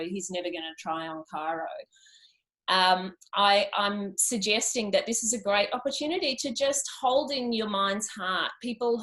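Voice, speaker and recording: A woman's voice: medium pitch, a bit bright. A woman chiropractor in casual chat, sharing an encouraging, reflective story with colleagues.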